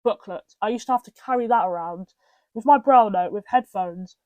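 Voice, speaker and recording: A woman's voice: medium pitch, brisk, dry recording, phone-quality sound. Chatty young British woman, dry sound. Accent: British English. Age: young adult. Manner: rambling, with many restarts and asides. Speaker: podcast host. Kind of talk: casual personal storytelling.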